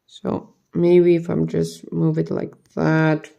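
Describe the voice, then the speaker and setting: A woman's voice: low-pitched, monotone, slow, gravelly, warm tone, highs cut off. A tired woman vlogger talking to herself as she builds a model kit, muttering the same questions over and over. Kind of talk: casual talk while building.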